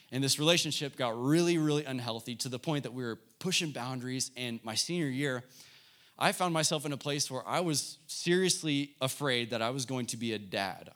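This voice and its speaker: A man's voice: mid-range voice, a bit bright. Earnest young man preaching to youth. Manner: earnest, personal storytelling. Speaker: youth pastor. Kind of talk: sermon.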